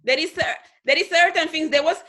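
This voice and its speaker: A team leader on a group video call gives her team a motivational talk in a high, bright voice, speaking briskly. She leans hard on emphasis, repeats phrases to drive them home, and sometimes imitates others in squeaky voices.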